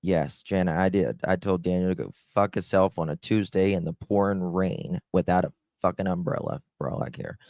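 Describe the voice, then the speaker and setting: Low-voiced male stream host, blunt and sarcastic, cusses freely, dry close sound. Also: steady tone, normal speed, few pauses, darkish tone, no room sound. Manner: blunt, sarcastic, swearing, chatting to viewers. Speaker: live-stream true-crime host. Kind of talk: casual live-stream commentary.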